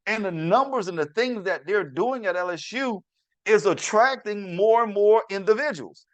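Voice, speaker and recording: A man's voice: high-pitched, normal speed, no echo. A middle-aged man hosting his own talk show, telling a story in a chatty, repetitive way and talking straight to his listeners. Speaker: podcast host. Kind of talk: casual storytelling monologue.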